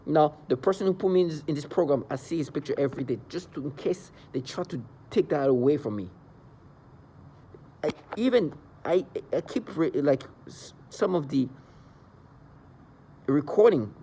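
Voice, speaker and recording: Agitated man ranting, mellow voice. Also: fairly high pitch, animated, moderate pace, pauses often, a little hiss or hum. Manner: agitated, rambling rant with mocking asides. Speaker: vlogger describing being targeted. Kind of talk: angry monologue.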